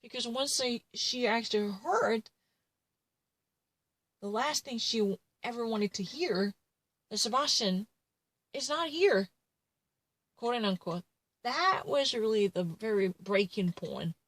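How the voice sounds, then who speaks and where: A woman's voice: on the high side, animated, slow pace, pauses often, a bit bright, no room sound, poor audio. A woman retelling a true crime case in casual commentary, rambling and full of fillers and self-corrections.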